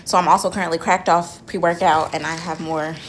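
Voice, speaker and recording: A young woman vlogging from her car, telling a dramatic story in a casual, animated way and swearing freely. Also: on the low side, fairly quick, slight background noise.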